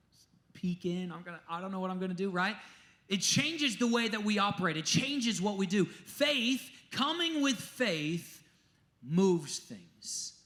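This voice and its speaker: A man preaching a sermon as a pastor, telling stories emphatically and dropping to a hush at times. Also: sits high. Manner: animated, emphatic storytelling with sudden drops to a hush.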